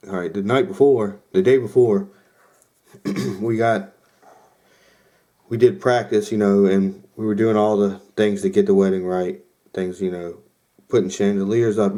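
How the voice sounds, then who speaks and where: A man's voice: deep voice, mellow. A young man hosting a podcast, casually telling a rambling story with lots of fillers and quoted asides. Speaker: podcast host.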